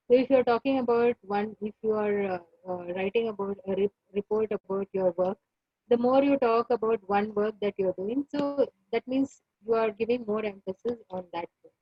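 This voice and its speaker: A woman lecturer with an Indian English accent teaching an online class, repeating points and pausing on many fillers. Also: on the high side, husky, no room sound, lo-fi sound. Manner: repetitive, pauses with many fillers.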